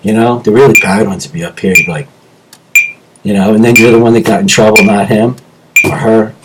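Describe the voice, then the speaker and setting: A man's voice: lowish voice, fairly even intonation, fairly quick, heavy background noise. A middle-aged man hosting his own video, talking to camera in an impassioned, rambling monologue that jumps from topic to topic. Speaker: self-improvement video host. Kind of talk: animated solo monologue to camera.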